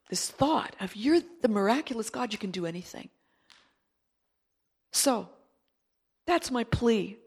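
A middle-aged woman giving a sermon testimony, swinging between loud emphatic bursts and quiet, confiding asides. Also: medium pitch.

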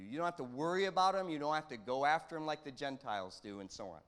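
A man delivers a sermon in a relaxed, conversational manner, his voice sitting slightly high for a man. He reads scripture aloud and lets his pitch and loudness rise and fall as he talks. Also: quick pace, hardly any pauses, clear, resonant tone. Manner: conversational, varies pitch and volume, quotes scripture. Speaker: pastor.

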